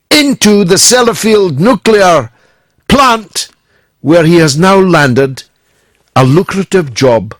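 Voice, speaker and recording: A Scottish man hosting a talk radio phone-in, delivering slow, emphatic oratory with dramatic pauses. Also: sits high, a bit bright, no room sound, clean studio sound. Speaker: radio talk show host.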